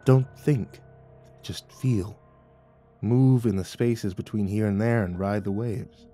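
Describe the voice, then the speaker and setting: A man voicing a soft, cryptic spirit guide. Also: on the low side, steady tone, slow, soft background music. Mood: calm.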